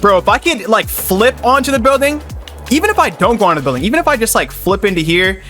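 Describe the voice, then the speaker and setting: A young man, a gaming YouTuber, giving casual gameplay commentary in an excitable, slangy way, swearing at his fails. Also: high-pitched, quick pace, faint music behind.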